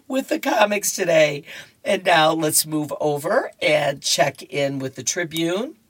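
A woman reading horoscopes and comic strips for a radio reading service, chatty with giggles and restarts. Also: on the low side.

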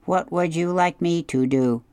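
A reader voicing a calm, polite female robot who speaks slowly and carefully in an audiobook. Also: mid-range voice, clear, resonant tone, no echo, clean studio sound, voice pushed up, natural voice. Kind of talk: audiobook character voice.

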